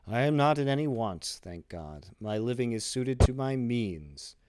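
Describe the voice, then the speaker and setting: A man's voice: mid-range voice, sing-song, unhurried, a little mellow, smooth, dry recording, studio quality. A man voicing a greedy, fawning young tailor who talks in an ingratiating, insistent way. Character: greedy fawning neighbor, male tailor in his twenties.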